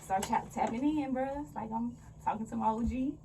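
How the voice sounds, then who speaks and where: A woman guest on a podcast telling her story in a slangy, expressive, laughing way. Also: on the high side, fairly quick, gravelly, far from the mic, noisy background. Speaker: podcast guest, brand founder. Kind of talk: casual storytelling chat.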